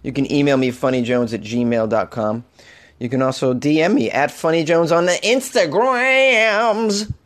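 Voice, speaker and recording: A man hosting a solo comedy podcast, animated and over-caffeinated, swinging from loud jokes to muttered asides. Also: a little high, normal speed. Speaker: podcast host.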